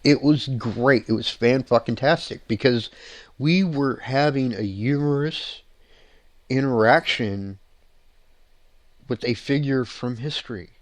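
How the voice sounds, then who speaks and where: A man hosting a paranormal show, telling ghost-hunting stories in a rambling, excited way with frequent laughs and restarts. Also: mid-range voice, slow, no room sound. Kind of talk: casual storytelling on a show.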